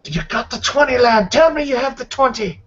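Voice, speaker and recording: A man voicing a hot-tempered male gambler who shouts accusations, on a dull lo-fi recording. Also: very high voice, lively intonation, fairly quick, a little hiss or hum, pitched above the performer's own voice. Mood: excited.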